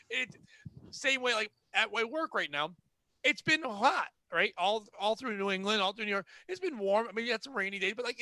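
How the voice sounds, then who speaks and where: A man's voice: high-pitched, pushed and bright, no echo. A man from Connecticut hosting a podcast, ranting about retail customers in a profane, exasperated way. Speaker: podcast host. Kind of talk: casual ranting chat.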